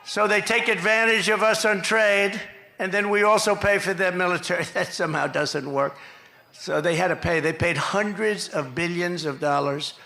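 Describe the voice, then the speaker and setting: An older man giving a boastful, repetitive campaign rally speech, shouting out his punchlines. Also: high voice, normal speed, creaky, echoey room. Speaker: political candidate at a rally. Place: outdoor rally stage.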